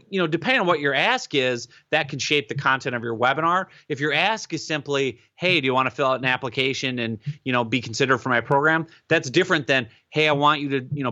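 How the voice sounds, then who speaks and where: A man being interviewed, giving advice in an animated, emphatic way and often checking in with "right?". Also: mid-range voice, no echo, dull audio. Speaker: guest expert on webinars.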